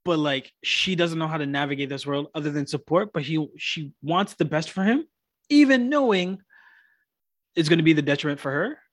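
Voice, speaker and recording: A man's voice: fairly high pitch, lively intonation, moderate pace, no echo, studio quality. A man co-hosting a casual movie chat, enthusiastic and reenacting scenes. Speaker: podcast co-host.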